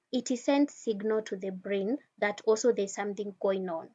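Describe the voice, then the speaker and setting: A woman with a fairly high voice teaches calming techniques in a relaxed, conversational talk. She speaks right to the listener and often restarts her sentences. The recording sounds a little dull and lo-fi. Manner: conversational, addresses listener directly, frequent restarts. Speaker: wellness speaker.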